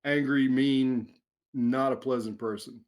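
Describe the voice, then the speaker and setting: Middle-aged man, author guest, relaxed, chuckling, mid-pitched voice. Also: unhurried. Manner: relaxed, chuckling, rambling with restarts. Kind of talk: casual interview chat.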